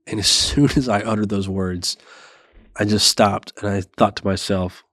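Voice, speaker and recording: Man in his thirties, low voice, earnest and measured, dry close sound; parenting show host. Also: fairly even intonation, fairly bright tone, no echo. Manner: earnest, measured, self-reflective. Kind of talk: reflective monologue.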